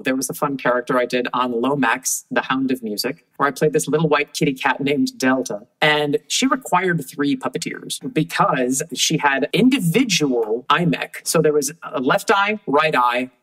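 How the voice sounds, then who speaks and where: A woman's voice: low-pitched, fairly bright tone, poor audio. A woman being interviewed on a podcast, telling stories about her work in a thoughtful, often restarting way. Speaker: guest puppeteer. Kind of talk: casual interview chat.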